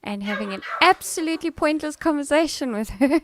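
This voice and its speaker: A woman's voice: sits high, lively intonation, fairly quick, noisy background. A middle-aged woman, hosting a casual livestream chat, rambling and laughing with fillers. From South Africa. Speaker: livestream host.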